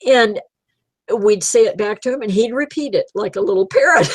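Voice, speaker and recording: A woman's voice: mid-range voice, moderate pace, dry recording, poor audio. A woman in her eighties, a guest telling pet stories in a rambling, chatty way and laughing often. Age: 80s. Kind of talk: casual chat.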